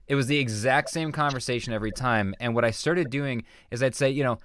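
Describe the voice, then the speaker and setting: A man guesting on an interview, telling anecdotes in an animated way and acting out bits of dialogue. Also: medium pitch, a little fast, slight background noise. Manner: animated storyteller who acts out quoted dialogue. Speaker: guest speaker and author. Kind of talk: conversational interview storytelling.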